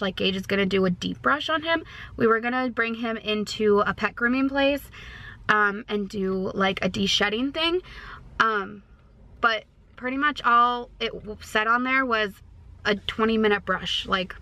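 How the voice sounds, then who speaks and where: In a family vlog recorded in the car and at a store, a young pregnant woman with an Upper Midwest American accent talks casually, full of fillers and "likes." Her slightly high voice has a sharp tone, and the audio quality is poor.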